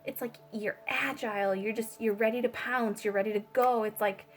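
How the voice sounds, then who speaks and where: A woman's voice: fairly high pitch, fairly even intonation, moderate pace, faint music behind. Rambling woman giving a tarot reading. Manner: rambling, swears freely, many fillers. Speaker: tarot reader. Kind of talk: casual spiritual reading.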